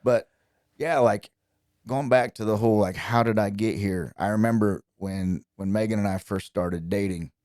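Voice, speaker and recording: A young man from Indiana, a country singer, telling stories as a guest in relaxed, chatty conversation. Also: fairly low pitch, moderate pace, dry recording, studio quality. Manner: relaxed, chatty, lively when quoting people. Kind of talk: casual storytelling.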